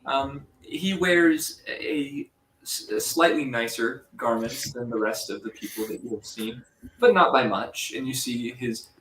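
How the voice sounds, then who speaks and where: Halting, slow-talking male game master. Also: mid-range voice, a bit bright, a little hiss or hum. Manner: halting, full of ums and restarts. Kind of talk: narrating a tabletop game. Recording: roomy, distant mic with faint ambience.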